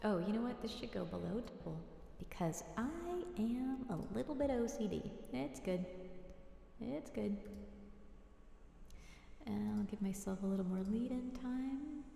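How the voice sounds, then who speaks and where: During a studio livestream, a woman musician builds a song, talking softly and musingly to herself and her viewers. Her mid-range voice is unhurried, creaky, and edged with breath, with frequent pauses. Music plays behind her in a roomy space with long reverb.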